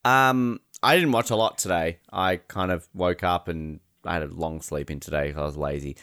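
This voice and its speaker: A man's voice: normal speed, a bit bright, smooth. A man hosting a casual video-call chat show, joking and laughing as he talks. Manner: jokey, laughs often, mimics people in high voices. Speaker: podcast host.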